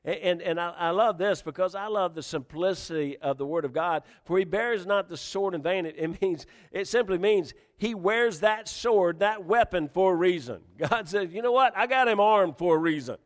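Preaching at normal speed with hardly any pauses, a pastor whose voice sits high for a man delivers an animated, emphatic sermon. He repeats himself often and lifts into questions, while a large hall lends a long reverb.

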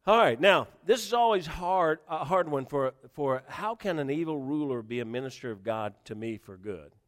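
A man pastor delivers a sermon with animated, emphatic preaching, often repeating himself and rising into questions. His voice sits high for a man. The sound carries a long reverb from a large hall. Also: normal speed.

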